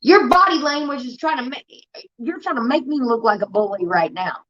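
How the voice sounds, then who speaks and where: A woman's voice: sits high, expressive, normal speed, fairly bright tone. A woman from Indiana hosting a livestream, ranting heatedly and swearing a lot in casual talk. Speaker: livestream host. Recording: dull lo-fi stream audio.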